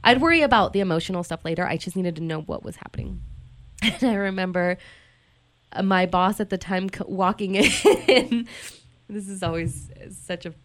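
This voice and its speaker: A woman's voice: medium pitch, moderate pace. A woman in a studio, candidly telling an emotional personal story with lots of "like" and restarts. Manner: candid, heavy use of "like" and restarts. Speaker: guest telling her story. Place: radio studio.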